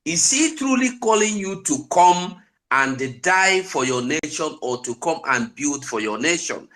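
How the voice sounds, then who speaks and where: A man's voice: on the high side, lively intonation, unhurried, bright, forceful tone. A Nigerian man with an accent mixing Pidgin into his English, giving an impassioned, preaching political talk on an online call. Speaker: invited speaker on an online call.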